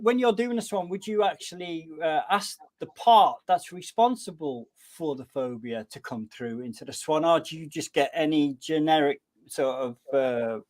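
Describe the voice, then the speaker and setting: A man's voice: fairly high pitch, moderate pace, few pauses, a little mellow. A man hosting an online interview, reading out audience questions. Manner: reads audience questions, laughs easily. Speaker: host.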